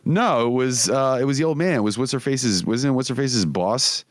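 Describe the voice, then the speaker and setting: A man's voice: mid-range voice, moderate pace, no room sound, studio quality. A man co-hosting a podcast, chatting casually, swearing often and laughing as he rambles. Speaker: podcast co-host. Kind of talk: casual chat.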